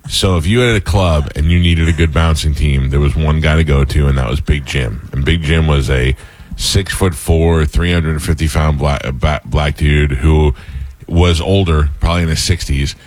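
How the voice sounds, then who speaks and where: A man hosting a casual talk show, telling animated stories with laughter. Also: extremely low pitch, moderate pace. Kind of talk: casual storytelling chat.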